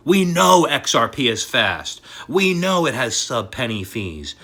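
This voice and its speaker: Furious swearing man with a husky voice. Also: medium pitch, very animated, unhurried, few pauses. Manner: angry and swearing, swings from shouting to muttering. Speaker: crypto and collectibles YouTuber. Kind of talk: profane ranting vlog.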